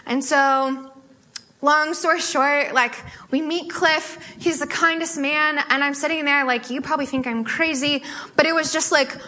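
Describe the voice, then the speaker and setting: A young American woman giving a testimony sermon at a student fellowship, telling stories in an animated way with lots of filler words. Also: high voice, a little slow. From United States. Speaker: guest speaker at a student fellowship.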